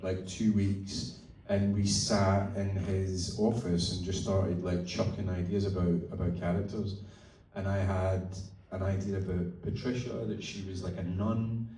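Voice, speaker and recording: An actor telling chatty, swearing, laughing stories at a festival talk, heard from the audience. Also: male voice, low-pitched, dark tone. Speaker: actor guest. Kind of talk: onstage festival interview. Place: festival event hall. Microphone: audience phone far from stage. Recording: echoey hall recorded from far off in audience.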